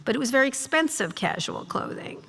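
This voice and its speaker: A middle-aged woman, a journalist guest at a live talk, telling sardonic, profane stories and mimicking people in quick asides. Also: high-pitched, sing-song, vocal fry, sharp tone, husky. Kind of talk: on-stage storytelling conversation. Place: live event hall with audience. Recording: long reverb of a large hall.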